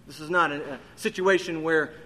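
A man's voice: on the high side, fairly even intonation, normal speed, sharp tone. A man preaching an expository sermon, his voice rising emphatically on key questions. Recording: long hall reverb.

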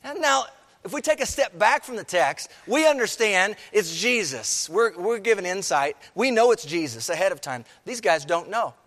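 A man preaching in a church, his voice pitched high for a man and carried by a long hall reverb. He moves from hushed, low lines up to raised, emphatic ones as he speaks to the congregation. It has the sound of a live sermon. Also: expressive, moderate pace. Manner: preaching, rising and falling with emphasis, addresses the congregation. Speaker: pastor.

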